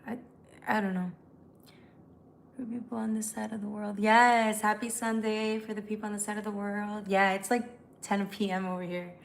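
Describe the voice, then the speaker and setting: A woman's voice: medium pitch, flat delivery, moderate pace, gravelly, slight background noise. A woman hosting a casual live stream as a tarot reader. She chats loosely with viewers, swears freely, and reads their comments aloud. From United States.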